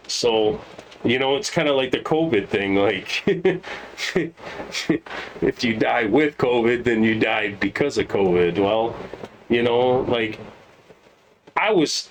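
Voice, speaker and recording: A man's voice: medium pitch, slight background noise. A man co-hosting a podcast, talking politics in a heated, profane way with emphatic outbursts. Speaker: podcast co-host. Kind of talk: casual political chat.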